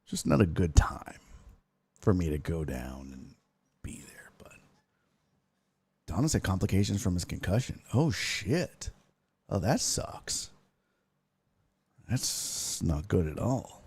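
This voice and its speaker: A man's voice: sits low, measured pace, long pauses, husky, no echo. A man hosting a casual live-streamed sports show, ranting and cursing freely. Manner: profane, ranting, animated.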